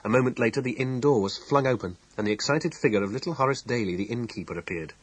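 A man narrating an audiobook in measured, expressive storytelling. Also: mid-range voice, husky, no room sound, poor audio. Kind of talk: scripted narration.

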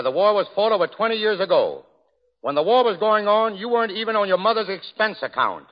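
A middle-aged man hosting a 1930s radio variety show, joking and bantering in a jovial, expressive way. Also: sits high. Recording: dull old radio recording with long hall reverb.

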